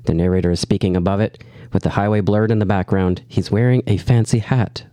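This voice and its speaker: A man's voice: fairly low pitch, fairly even intonation, a little fast, warm tone, smooth, no room sound. A man co-hosting a podcast, recapping a TV episode in casual chat. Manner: reads plot summary between jokes. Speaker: podcast co-host.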